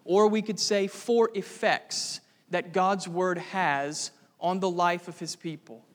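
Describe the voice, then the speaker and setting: Male pastor, higher voice, earnest sermon delivery that swells into fervor, hall reverb. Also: steady tone, slow pace. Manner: earnest preaching, rising to fervent emphasis.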